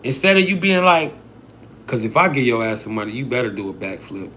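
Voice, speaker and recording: A man's voice: mid-range voice, big pitch swings, brisk, fairly bright tone, a little hiss or hum. A man giving a casual, profane livestream talk on a mindset program, often checking in with "right?" and "bro".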